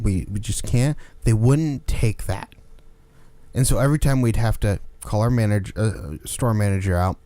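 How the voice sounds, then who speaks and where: A man's voice: on the low side, normal speed, mellow, dry recording. A man co-hosting a podcast, bantering in a laid-back, profane way. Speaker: podcast co-host. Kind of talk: casual chat.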